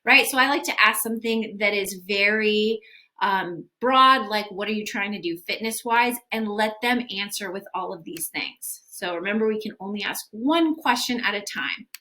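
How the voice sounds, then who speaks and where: Medium-pitched and sharp, this young woman's voice keeps a moderate pace. She's a sales coach for gym owners giving a casual, upbeat video lesson on follow-up, acting out example texts as she talks.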